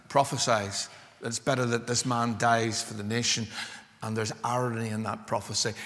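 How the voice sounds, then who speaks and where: A man's voice: medium pitch, fairly bright tone. A male preacher delivers a fervent sermon, pressing his points with rising emphasis. His voice trails off into the long echo of a large church. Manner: impassioned, building to emphatic climaxes.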